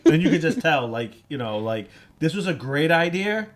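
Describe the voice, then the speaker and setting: A man's voice: fairly high pitch, big pitch swings, normal speed. A middle-aged man, a podcast co-host, telling a rambling story in casual chat, full of fillers and restarts. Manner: laughs through his words.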